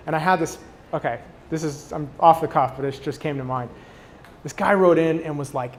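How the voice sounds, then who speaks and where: A man giving a casual conference talk on product design, speaking off the cuff with many fillers and restarts, and acting out quoted customers in lively voices. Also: fairly high pitch, a little fast, slight background noise. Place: conference stage.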